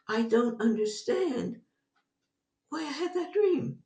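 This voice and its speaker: An older woman recounts a personal story at an unhurried pace, with lively rises and falls in her voice and often laughing as she talks. Her voice has a gravelly edge. She sounds a little distant from the mic, in a roomy, echoey space. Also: fairly high pitch. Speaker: guest, psychologist. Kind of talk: storytelling in an interview.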